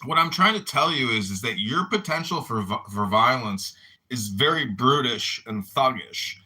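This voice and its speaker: A middle-aged man and mayoral candidate telling rambling, animated anecdotes in a casual audio chat room. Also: mid-range voice, normal speed, breathy edge.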